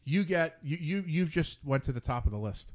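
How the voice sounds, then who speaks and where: A man's voice: fairly high pitch, animated, normal speed, darkish tone. A man hosting a casual late-night talk show, rambling off on tangents with many restarts. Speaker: podcast host.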